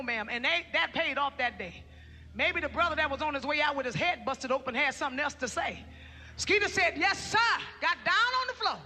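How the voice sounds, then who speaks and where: A woman telling her testimony in a sermon, recounting the story with emphasis and breaking into shouted praise. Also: high voice, long reverb tail. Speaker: mother giving testimony.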